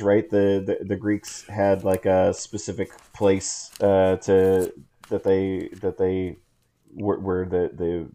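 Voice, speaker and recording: A man's voice: low voice, mellow. A man co-hosting a casual Bible study podcast, asking curious questions, hesitant and full of fillers. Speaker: co-host.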